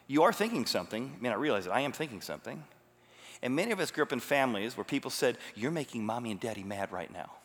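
Male pastor, emphatic teaching sermon, tense bright voice, echoing sanctuary. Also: medium pitch. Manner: animated, emphatic teaching with rhetorical questions. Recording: long hall reverb.

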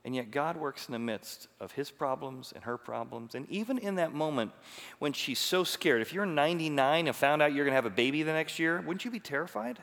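A pastor preaches a sermon in an animated, conversational style, tossing out rhetorical questions. His voice is a little high and creaky, and he speaks briskly. The recording carries the long reverb of a large, echoing hall.

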